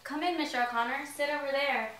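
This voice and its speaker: A woman's voice: sits high, fast, fairly bright tone. A young woman playing a fussy, chatty faded Southern belle mother in an amateur play, gushing and rambling in a genteel way. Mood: calling. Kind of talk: amateur stage play reading. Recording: echoey room, mic from far off, faint hiss.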